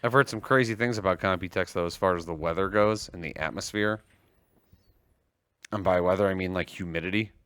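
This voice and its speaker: A man's voice: low-pitched, a little fast, a bit bright, clean tone, no room sound. A man co-hosting a livestreamed tech and gaming talk show, chatty and teasing in an easygoing way. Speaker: co-host. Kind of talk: casual tech chat.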